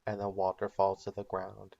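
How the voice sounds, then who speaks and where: A man's voice: fairly low pitch, monotone, normal speed, creaky, warm tone, muffled recording. A man telling a comedic made-up recap of a TV show in a casual storytelling way with ums and likes. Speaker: channel host.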